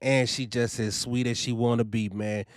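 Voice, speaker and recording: A man's voice: medium pitch, level tone, moderate pace, no room sound, studio quality. A young man talking casually and animatedly about his trucking orientation, often saying "you know" and "man.". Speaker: trucking vlogger. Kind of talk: casual first-person review.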